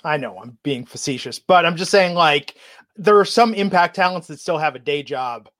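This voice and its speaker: Male podcast co-host with a high voice, wry, reads viewer messages between quick asides. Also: expressive, a bit bright. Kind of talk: casual podcast chat.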